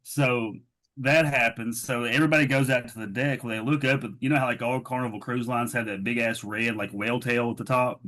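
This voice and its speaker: A man's voice: medium pitch, fairly even intonation, brisk, a bit bright. A man co-hosting a podcast, retelling a story in casual, rambling chat full of fillers. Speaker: podcast co-host.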